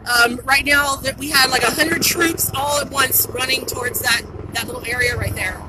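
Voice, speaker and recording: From a pedestrian bridge by a busy border crossing, a woman holds her phone and livestreams unscripted commentary as a citizen reporter. She has a high voice at normal speed and sounds urgent, excited and somewhat out of breath, often repeating herself. Traffic noise and helicopters run through the noisy outdoor audio.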